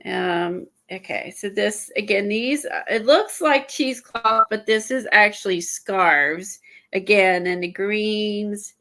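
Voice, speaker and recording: A woman chatting casually on an art livestream, a little out of breath and stuffy, rambling with halting fillers and restarts. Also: mid-range voice, bright, forceful tone. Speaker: guest showing art supplies.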